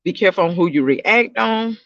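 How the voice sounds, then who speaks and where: High-voiced man, loose casual vlog talk. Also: animated, brisk, fairly bright tone, no room sound, muffled recording. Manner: rambling, repeats himself, talks straight to viewers. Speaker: YouTube reaction channel host.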